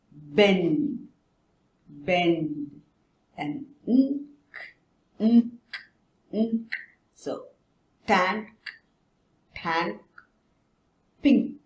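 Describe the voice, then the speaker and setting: A woman teaching a phonics lesson to young children, drawing words out slowly so they can repeat after her. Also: fairly low pitch, darkish tone. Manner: slow, drawn-out words for repeating. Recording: echoey room with faint noise.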